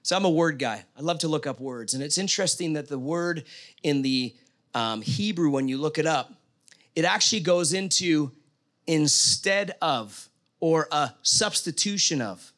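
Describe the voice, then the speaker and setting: A man's voice: a little high, normal speed, fairly bright tone. A middle-aged man preaching a conversational sermon, telling a story and asking his listeners questions. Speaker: pastor.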